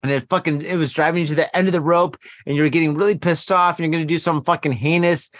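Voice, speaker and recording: Brief: higher-voiced man, dry close sound, foul-mouthed casual podcast host who rambles. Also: fairly even intonation, quick pace, fairly bright tone, no echo. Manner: heavily profane, rambling and emphatic. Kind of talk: casual drinking podcast chat.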